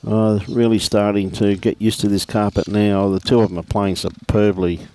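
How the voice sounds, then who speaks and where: A man's voice: on the low side, level tone, normal speed, warm tone, slight background noise. A man commentating lawn bowls in a laid-back, jokey way. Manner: laid-back, chatty, jokey, calls players mate.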